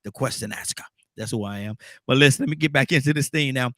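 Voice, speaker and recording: Man, radio host, casual and teasing, fast pace, dry sound. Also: medium pitch, sharp tone, no room sound. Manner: laid-back, teasing, repeats himself. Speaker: radio talk show host. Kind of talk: casual radio panel chat.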